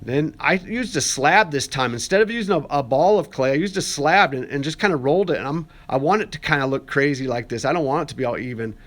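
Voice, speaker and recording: A young man, an art student, talking casually through a how-to voice-over in a classroom, relaxed and chatty with joking asides and plenty of fillers. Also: a little high, quick pace, few pauses.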